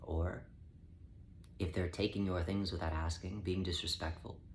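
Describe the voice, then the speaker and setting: Measured male channeler, deep-ish voice, roomy echo and faint hum behind; spiritual guidance read. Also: vocal fry. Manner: measured, calm, speaks as "we" to the listener. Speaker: spiritual channeler speaking as a collective. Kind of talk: spiritual self-help talk. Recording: echoey room with faint ambient noise.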